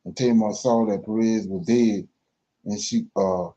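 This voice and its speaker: A man reading scripture aloud for a Bible study, slow and careful, pausing and correcting himself as he goes. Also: lowish voice, steady tone, warm tone, highs cut off.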